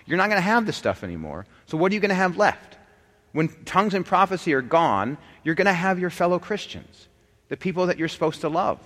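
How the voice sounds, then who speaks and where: A man's voice: fairly high pitch, a bit bright. A man teaching a class on scripture, talking casually to his students, often restarting sentences and joking with them. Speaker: Bible teacher. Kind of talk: lecture on scripture and church history. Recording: long hall reverb.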